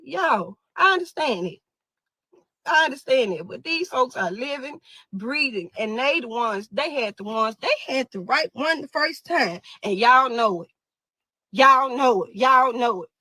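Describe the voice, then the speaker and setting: A woman's voice: high voice, bright, forceful tone, no echo, poor audio. A young woman speaking out as a grieving mother, raw, angry and exhausted, swearing and repeating herself. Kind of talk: emotional monologue to camera.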